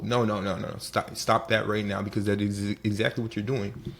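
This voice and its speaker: A man giving a casual motivational talk as host, animated and acting out little scenes. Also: lowish voice, a little fast, vocal fry.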